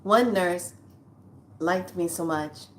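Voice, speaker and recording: A woman's voice: fairly low pitch, takes it slowly, slight background noise. A woman in her sixties telling a personal story to her viewers in a chatty, blunt, earthy way, calling them lovelies. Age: 60s. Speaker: spiritual vlogger. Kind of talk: casual storytelling to camera.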